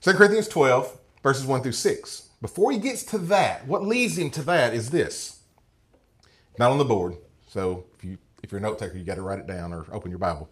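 A man's voice: mid-range voice, big pitch swings, brisk. A man teaching through a Bible passage to a class, reading verses aloud and often checking in with listeners by asking "okay?" or "right?". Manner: reads scripture passages aloud.

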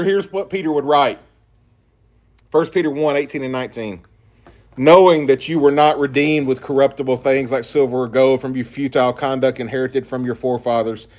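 A man delivers a sermon from the pulpit. His voice sits a little on the high side. He preaches emphatically and reads scripture aloud as he goes. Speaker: pastor.

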